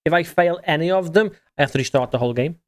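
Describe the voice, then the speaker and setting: A man's voice: on the high side, fast talker. A man with an English accent, chatting casually on a game live stream as he reads out and answers viewer messages.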